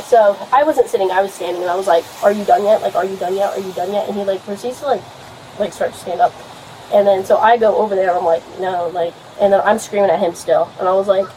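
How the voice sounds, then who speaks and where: A young woman tells police about a fight in a rambling, swear-filled way, her talk full of fillers. Her voice sits at an ordinary pitch for a woman. She is caught on a body camera at a house, with faint background noise. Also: warm tone, low-quality recording. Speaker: complainant speaking to police. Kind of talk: rambling account of a domestic fight.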